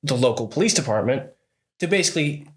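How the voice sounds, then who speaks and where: Man telling an animated story. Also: on the high side, fast. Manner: animated storytelling, acting out what others said, frequent swearing. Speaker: podcast co-host. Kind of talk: casual podcast chat.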